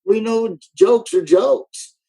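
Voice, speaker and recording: A comedian guest talking remotely in casual chat, ranting emphatically. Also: male voice, high voice, takes it slowly, creaky, dark tone, low-quality recording. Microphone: remote call.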